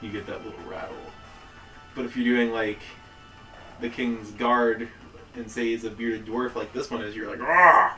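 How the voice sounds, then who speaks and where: A man's voice: on the low side, level tone, moderate pace, pauses often, a bit bright, reverberant, recorded from a distance, faint music behind, rough recording. A man chatting casually with a friend on a gaming stream, dry and teasing. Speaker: guest co-host.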